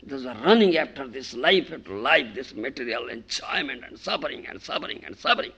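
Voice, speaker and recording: A man's voice: medium pitch, lively intonation, a little fast, gravelly, sharp tone, husky. A man preaching a devotional sermon as a spiritual teacher, emphatic and often asking if listeners understand.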